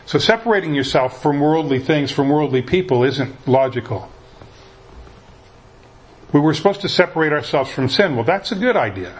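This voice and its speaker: A man's voice: on the high side, expressive, normal speed, low-quality recording. A male pastor preaching a conversational sermon, often restarting his sentences as he explains a passage.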